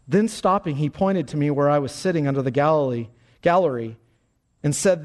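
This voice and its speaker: A man preaching with fervent conviction in a fairly high voice. He drives his points home by repeating short phrases and climbing to emphatic cries. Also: a little fast, a little mellow. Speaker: pastor. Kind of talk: sermon.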